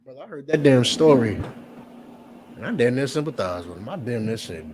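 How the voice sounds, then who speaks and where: A man's voice: medium pitch, very animated, fairly quick, a little mellow, slight background noise. A man giving a fiery, profane preaching lecture, repeating points and questioning his listeners. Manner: emphatic, repetitive, profane; questions the audience directly. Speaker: preacher and teacher.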